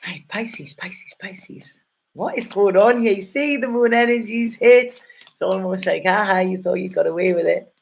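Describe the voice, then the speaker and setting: A woman's voice: medium pitch, steady tone, moderate pace, gravelly, darkish tone. A middle-aged woman gives a casual, rambling and heartfelt tarot reading, often checking in with "okay?". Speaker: tarot reader.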